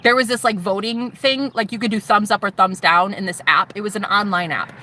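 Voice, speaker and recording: Sassy, animated woman with a bright voice. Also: medium pitch, a little fast, slight background noise. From United States. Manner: animated, sassy, calls viewer "honey"; swears freely, shouts mocking retorts. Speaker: vlogger. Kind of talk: personal testimony to camera.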